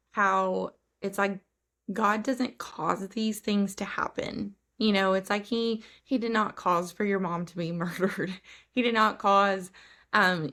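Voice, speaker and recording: A woman hosting a podcast, speaking in an encouraging, enthusiastic way and talking warmly about faith in casual conversation. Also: medium pitch. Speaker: podcast host. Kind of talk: faith-centered casual chat.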